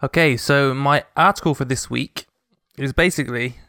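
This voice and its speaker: A man's voice: mid-range voice, moderate pace, bright, forceful tone, no room sound, clean studio sound. A man co-hosting a casual podcast, presenting a light news story. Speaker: podcast co-host.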